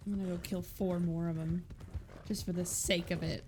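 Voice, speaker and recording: A woman's voice: lowish voice, little pitch movement, moderate pace, background noise. A woman streaming a roleplay game, venting in profane, frustrated rambling. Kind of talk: live gameplay roleplay stream.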